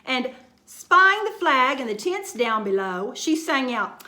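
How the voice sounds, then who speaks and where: A woman reading a rhyming picture book aloud to children with an expressive, sing-song delivery. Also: sits high, slow. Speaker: children's storyteller. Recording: roomy echo.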